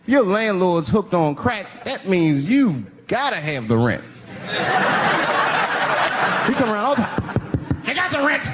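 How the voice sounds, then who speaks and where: A man performing stand-up comedy, telling stories in a wry way and swinging between loud and low delivery. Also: sing-song, unhurried, long pauses, over music. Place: theater stage with audience. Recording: live stage mic with crowd laughter.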